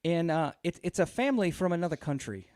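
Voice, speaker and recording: A man's voice: a little high, expressive, fast talker, a little mellow, dry recording, studio quality. Exasperated man telling a story. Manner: profane, exasperated, lots of fillers. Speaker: podcast host. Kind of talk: casual storytelling.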